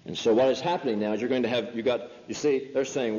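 A man's voice: mid-range voice, fairly even intonation, fast talker, few pauses, dark tone. Man preaching in an echoey lo-fi hall. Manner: emphatic, rhetorical questions. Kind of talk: sermon. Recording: lo-fi hall recording.

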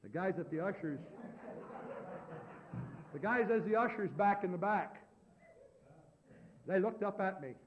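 High-voiced folksy male preacher. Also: unhurried, pauses often. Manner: folksy and animated, building to loud preaching. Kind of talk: storytelling sermon. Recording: dull lo-fi recording.

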